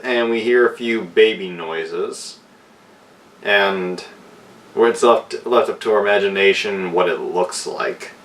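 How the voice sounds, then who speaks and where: A man giving a casual spoken film review, retelling the plot in an unhurried way with fillers and restarts. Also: lowish voice, a bit bright. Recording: voice distant from the mic.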